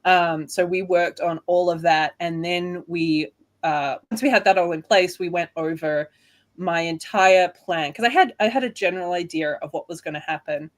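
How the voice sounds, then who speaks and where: A woman's voice: on the low side, normal speed. Chatty Australian woman author. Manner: chatty, laughs often, acts out quotes. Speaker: guest author. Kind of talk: casual interview chat.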